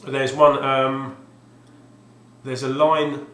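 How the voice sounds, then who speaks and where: A man's voice: medium pitch, level tone, extremely slow, a bit bright. Hesitant, wry male vlogger with a mid-range voice, recorded at home in a reverberant room. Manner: hesitant, restarts often, wry. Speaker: video game collector vlogger. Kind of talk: rambling casual monologue. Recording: roomy echoey home recording.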